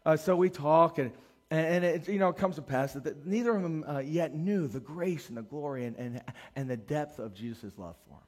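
A middle-aged man preaching a sermon as a pastor, animated and acting out the voices in his stories. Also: a little high, a little fast, slightly rough. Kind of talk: sermon with storytelling.

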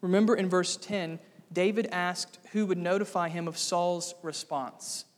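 A man preaching an expository sermon as pastor, emphatic, with sudden dramatic rises in pitch and volume. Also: fairly even intonation, a little slow. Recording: long hall reverb.

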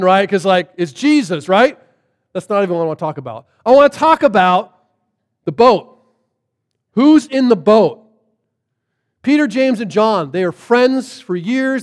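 High-voiced pastor telling stories animatedly. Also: male voice, in a large hall. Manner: casual, animated storytelling full of fillers. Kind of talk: sermon.

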